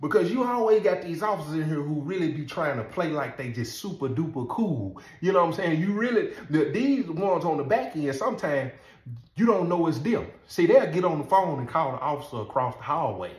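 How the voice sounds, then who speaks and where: A man telling a story in a casual, animated way, laughing often and asking "you know what I'm saying". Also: a little high, brisk. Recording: roomy echo.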